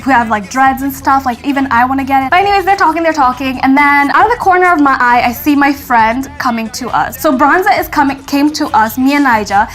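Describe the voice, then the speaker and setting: A young woman casually telling a story to her viewers, chatty and animated, acting out what people said. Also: sits high, quick pace, hardly any pauses, soft background music. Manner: chatty, animated, acts out quotes, frequent "like".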